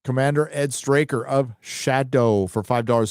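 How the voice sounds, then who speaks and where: A man hosts a live stream at home, chatting loosely and reading out donations. His talk is offhand and rambling with casual swearing, at a mid pitch. The sound is dry and close. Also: steady tone, a little slow, hardly any pauses, clear, resonant tone, dry recording. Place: home studio.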